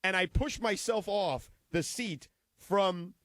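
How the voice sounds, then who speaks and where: Animated man on sports radio. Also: high-pitched, slow pace, no room sound. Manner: animated storyteller, acts out scenes. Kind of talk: casual radio banter and live ad read. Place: radio studio.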